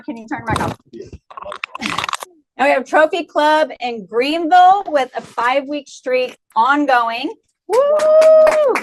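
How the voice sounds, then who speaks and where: A woman reading out team shoutouts in a meeting, bubbly and cheering between each item. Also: high voice. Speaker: presenter of shoutouts. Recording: noisy call audio.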